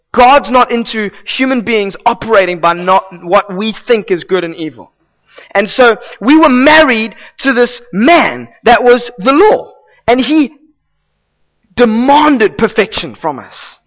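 A man's voice: very high voice, animated, moderate pace, fairly bright tone, low-quality recording. A male pastor preaching a sermon in a conversational, emphatic way, repeating key phrases.

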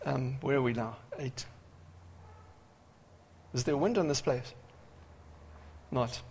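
A man preaching a sermon with dramatic swings from loud cries to hushed asides. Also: mid-range voice, steady tone, unhurried, pauses often, slightly rough. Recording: reverberant hall.

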